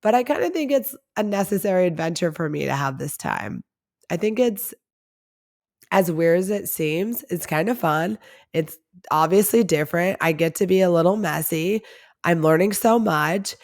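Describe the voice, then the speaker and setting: Chatty podcaster woman with a lowish voice. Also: lively intonation, normal speed, a little mellow. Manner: chatty and confessional, heavy use of "like". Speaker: podcast host. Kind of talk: candid storytelling monologue.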